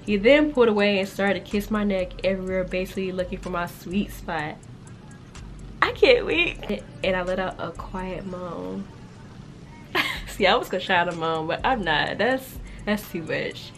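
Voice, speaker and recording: Animated young woman reading aloud, slangy. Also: fairly low pitch, moderate pace, soft background music. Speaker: YouTuber. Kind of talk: casual reaction reading.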